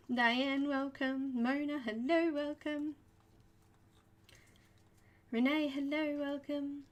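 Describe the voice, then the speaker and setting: A woman's voice: sits high, fairly bright tone. An Australian woman hosting a live coloring tutorial, chatty and welcoming, laughing often as she greets viewers. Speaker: art tutorial host.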